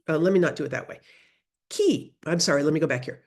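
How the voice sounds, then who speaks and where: A middle-aged woman teaching a beginner Spanish class over a video call, modeling sounds slowly for students to repeat. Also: deep voice. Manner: lively, drawn-out modeling of sounds for repetition. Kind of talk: online class instruction.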